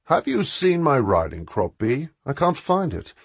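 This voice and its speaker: A man's voice: mid-range voice, sing-song, a little slow, breathy edge, no room sound, lo-fi sound, voice pushed up, exaggerated voice. A man reading an audiobook, voicing a charming, mischievous aristocratic man. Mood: teasing.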